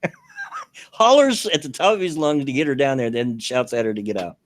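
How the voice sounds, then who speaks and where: A man's voice: mid-range voice, expressive, a little fast, dry recording. An older man with a Southern US accent, hosting a casual talk show, stammering and laughing as he rambles. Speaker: podcast host. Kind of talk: casual chat.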